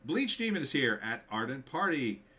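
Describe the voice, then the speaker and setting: A man's voice: medium pitch, very animated, normal speed, bright, forceful tone. A man hosting a live stream, reading viewer comments aloud and answering them with blunt, dismissive opinions and many fillers.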